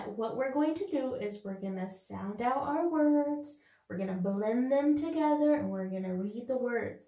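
A woman teaching young children in a video lesson, talking slowly and encouragingly in a sing-song way. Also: a little high, warm tone, recorded from a distance. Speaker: preschool teacher. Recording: echoey room, off-mic.

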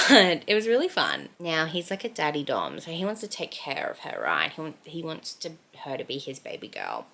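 A woman's voice: low voice, wildly swooping pitch, normal speed, gravelly, few pauses, pushed and bright. A young Australian woman chatting casually at home about the books she is reading. She fills her talk with "like" and giggles often. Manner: chatty, heavy use of "like", giggly. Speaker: book vlogger. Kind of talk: casual book review chat.

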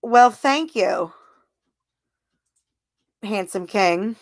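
Speaking extremely slowly in a mid-range voice with lively intonation, a woman hosts a casual livestream. She reads comments aloud, laughs and giggles a lot, and thanks those watching.

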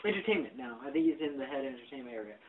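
A man on a podcast telling a profane, animated story and acting out the people in it. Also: medium pitch, racing, far from the mic, slight background noise. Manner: animated, profane, acts out quotes. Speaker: podcast host. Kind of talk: casual storytelling chat. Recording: tinny lo-fi phone-like audio.

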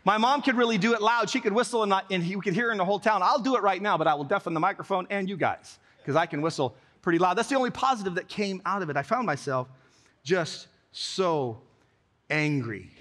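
A middle-aged male pastor from Alaska telling a story in a sermon, animated and acting out his quotes. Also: high-pitched, fast talker. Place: church.

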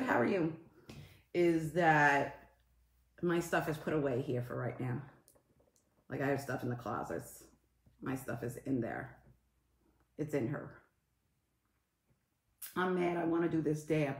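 Low-voiced woman chatting on a live stream. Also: lively intonation, measured pace, pauses often, echoey room. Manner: swears a lot, greets viewers mid-story, swings from loud to quiet. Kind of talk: casual live stream chat.

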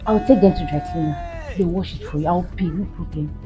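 A woman's voice: lowish voice, fairly quick, over music, lightly acted. A woman playing a tired, pregnant Nigerian young wife in a comedy skit, pleading and apologetic.

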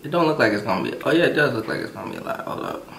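Bright-voiced man chatting while eating. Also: mid-range voice, rapid-fire, creaky, a little hiss or hum. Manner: relaxed, chats between bites, laughs often. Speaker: mukbang host. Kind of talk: casual eating vlog chat. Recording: roomy echoey room.

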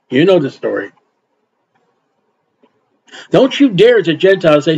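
A man's voice: a little high, sing-song, normal speed, long pauses, breathy edge. An older man preaching an informal Bible sermon in a folksy way, acting out quotes and adding asides. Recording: dull lo-fi recording.

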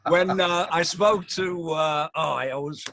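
A man's voice: fairly high pitch, steady tone, measured pace, a bit bright, slight background noise. A man in his sixties with a Yorkshire accent, chatting playfully in an interview with theatrical, jokey asides. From England. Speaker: rock singer.

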